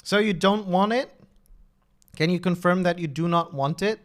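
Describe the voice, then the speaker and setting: A man's voice: sits high, normal speed. A man in his thirties chatting casually on a live stream, talkative and often restarting and correcting himself. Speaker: streamer and level designer.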